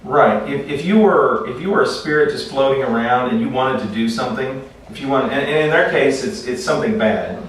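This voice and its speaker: A man teaching a class in a relaxed, conversational way, telling stories and often restarting his sentences. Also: medium pitch, a little fast, hardly any pauses. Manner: conversational, repeats words when restarting. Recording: echoey room, far from mic, faint noise.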